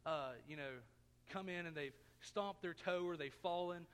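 A man's voice: high voice, a little fast. A man in his thirties preaching a sermon, telling a personal story in a folksy, self-mocking way. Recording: long reverb of a church hall.

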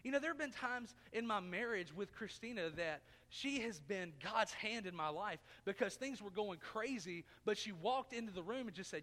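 A man's voice: high-pitched, lively intonation, moderate pace, few pauses, a bit bright. A man in his thirties preaching a sermon, telling a personal story in a folksy, self-mocking way. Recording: long reverb of a church hall.

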